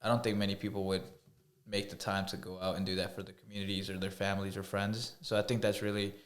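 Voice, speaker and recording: A young man in casual conversation, soft-spoken and hesitant, with many filler words. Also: low-pitched, little pitch movement, quick pace. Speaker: podcast co-host. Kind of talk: casual chat.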